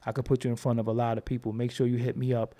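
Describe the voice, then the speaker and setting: A man's voice: medium pitch, little pitch movement, rapid-fire, dark tone. A man hosting his own channel, talking in a casual, profane, rambling monologue and acting out quoted voices as he tells stories. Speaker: host.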